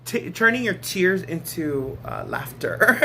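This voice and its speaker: A woman's voice: on the high side, huge pitch swings, slow pace, bright, forceful tone. A woman vlogger in casual storytime chat, giggly and chatty, often breaking into laughter. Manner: chatty, keeps calling the viewer "girl". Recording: noisy background hiss.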